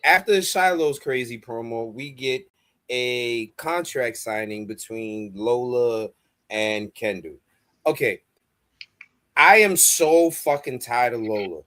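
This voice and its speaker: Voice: medium pitch, animated, slow, fairly bright tone. A co-host running through a wrestling show's results in a blunt, profane, wry way. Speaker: podcast co-host running the rundown. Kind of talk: casual wrestling review chat.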